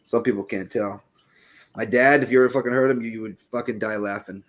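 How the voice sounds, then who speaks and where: A man's voice: lowish voice, little pitch movement, brisk, a little hiss or hum. A man in his late thirties with a Boston accent, talking in casual podcast chat, rambling with restarts and frequent swearing. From Boston area.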